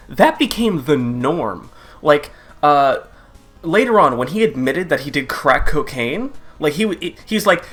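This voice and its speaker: A man delivers a profane comedy rant, his voice sitting a bit high for a man. He laughs at his own jokes and bursts into loud, mocking quoted voices, with faint music playing underneath. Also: sing-song, measured pace. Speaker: comedy commentary host. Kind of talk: crude casual comedic rant.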